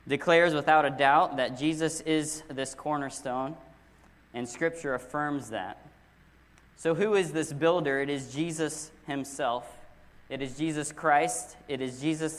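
A man's voice: on the high side, steady tone, a little slow. A man preaching a sermon as pastor, earnest and emphatic, leaning hard on key words. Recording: long hall reverb.

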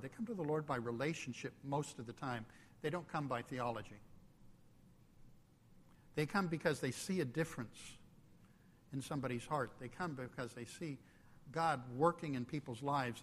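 A man preaching a sermon, slow and emphatic, dropping suddenly to a hush. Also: on the high side, long reverb tail, slight background noise. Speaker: pastor.

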